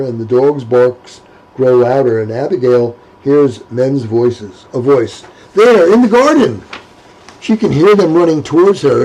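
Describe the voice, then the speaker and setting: Gravelly, husky male narrator. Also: mid-range voice, mellow, low-quality recording. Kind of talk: audiobook narration of a historical romance.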